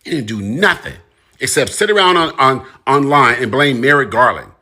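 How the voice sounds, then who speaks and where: A man's voice: medium pitch, animated, moderate pace, bright, forceful tone. A man delivering an impassioned, emphatic monologue straight to his audience, hammering points home with repetition. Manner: direct, emphatic, repeats phrases for emphasis. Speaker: commentator.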